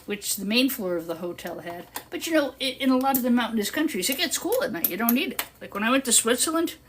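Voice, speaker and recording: Talking fast in a fairly high voice, this older woman rambles through a long story on her live stream as she works. Her tone is chatty and full of laughter, and she livens up when repeating what others said. Clicks and background noise come through in an otherwise clear recording.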